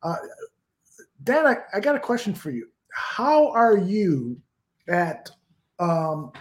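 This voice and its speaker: Easygoing male host, slightly high voice. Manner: easygoing, hesitant with many uh fillers. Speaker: show host. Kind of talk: casual sports chat.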